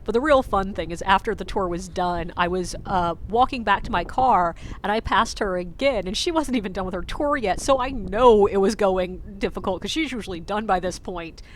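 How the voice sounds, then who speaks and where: A woman's voice: medium pitch, moderate pace, hardly any pauses, slight background noise. A woman who works as a ghost tour guide, telling a story casually and acting out what people said, with lots of "like" fillers. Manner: chatty, lots of "like" fillers, acts out quotes.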